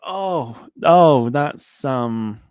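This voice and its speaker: A man's voice: mid-range voice, expressive, extremely slow, a little mellow, clear, resonant tone, no room sound, muffled recording. A man hosting a casual aviation podcast, reading out live chat comments in a jokey way and laughing often. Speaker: podcast host.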